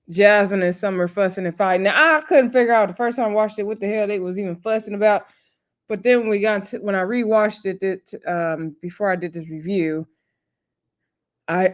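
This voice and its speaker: A tired woman hosting her own channel, recapping a reality show in a casual, chatty way with lots of "y'all" and quick laughs. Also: mid-range voice. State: tired, up late. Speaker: YouTube host recapping reality TV.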